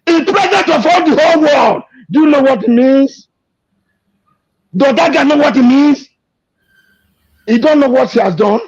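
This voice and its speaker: A man giving an emotional, impassioned political rant, repeating himself and shouting in anger. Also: very high-pitched, moderate pace, pauses often. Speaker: activist speaking to an interviewer. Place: abroad. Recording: dull lo-fi recording.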